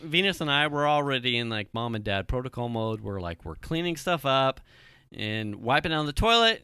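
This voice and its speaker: A man's voice: mid-range voice, normal speed, clean tone, no echo, studio quality. A man in his thirties telling a family story on a casual podcast, swearing freely and acting out what people said. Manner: animated, swearing storyteller who acts out quotes. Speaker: podcast co-host.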